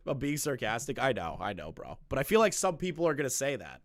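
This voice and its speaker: A young man giving casual reaction commentary, rambling and repeating himself, swinging from loud remarks to low muttering. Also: sing-song, fairly quick, hardly any pauses, no room sound, studio quality. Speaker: commentary streamer.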